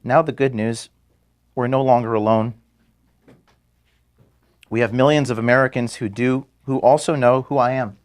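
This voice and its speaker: A man, the founder of an organization, giving an earnest farewell speech to his staff in an office. He is emotional and halting, with restarts and pauses, and is being filmed. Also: mid-range voice, fairly even intonation. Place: office room at headquarters. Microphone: filmed by camera.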